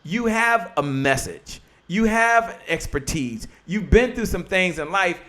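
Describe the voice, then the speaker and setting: A man hosting a live-streamed talk show, excitable and animated, talking straight to his viewers and his guest. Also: high voice. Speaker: show host.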